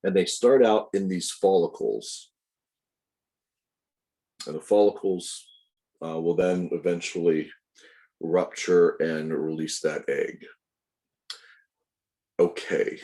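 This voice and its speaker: A man's voice: sits low, fairly even intonation, takes it slowly, pauses often, dark tone. A man giving a recorded anatomy lecture, explaining step by step, correcting himself and adding asides to his students. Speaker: anatomy instructor.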